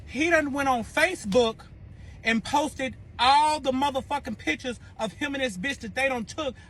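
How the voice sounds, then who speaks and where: A man telling a wild personal story in a casual, profane and animated way. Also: extremely high pitch, moderate pace. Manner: profane, animated, emphatic retelling.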